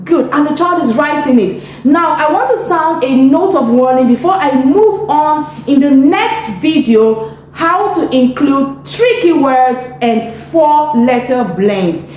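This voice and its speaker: A woman's voice: high voice, animated, slow, a little mellow. A woman with a Nigerian accent teaching phonics, asking leading questions, answering them herself and praising often. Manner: encouraging, frequent praise. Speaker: reading teacher. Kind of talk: instructional video lesson. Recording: echoey room, faint background noise.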